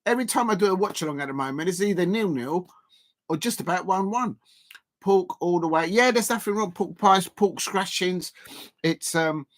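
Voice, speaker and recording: A man's voice: a little high, fairly bright tone. A man hosting a live football watch-along, chatting to viewers while he eats, rambling with lots of fillers and restarts. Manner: chats to viewers while eating. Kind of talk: casual live-stream chat.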